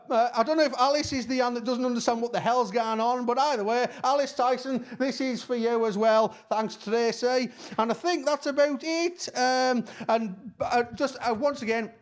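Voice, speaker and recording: A man with a Cumbrian accent, chatting casually as he reads out shout-outs, rambling and using broad dialect words, his voice a bit worn. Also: extremely high pitch, smooth. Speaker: musician giving shout-outs. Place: at home.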